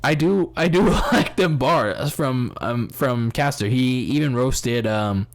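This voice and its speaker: A man's voice: medium pitch, lively intonation, slow pace. A man hosting a casual podcast review, rambling with many restarts, swearing and laughing at his own jokes. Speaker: podcast host. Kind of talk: casual wrestling review chat.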